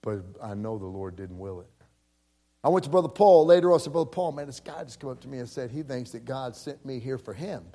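A man's voice: medium pitch, expressive, fast talker, mellow. A man preaching a personal story, acting out the voices of people he quotes, with frequent repeated words. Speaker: pastor. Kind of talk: storytelling sermon.

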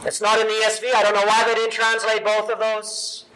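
A male pastor preaching a sermon with emphatic, animated delivery and big swings in loudness. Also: high-pitched, fairly quick, a little hiss or hum, low-quality recording.

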